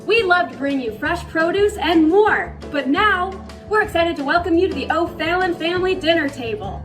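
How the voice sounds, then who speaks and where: A woman playing a cheerful small-town grocer, giving an earnest sales pitch in a mock local commercial. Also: animated, normal speed, fairly bright tone. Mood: chirpy. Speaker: market owner in a mock local ad. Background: music.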